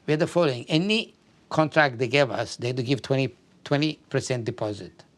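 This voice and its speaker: An older Afghan man with a mid-range voice recounts his life story for an oral history interview, speaking haltingly and often repeating words.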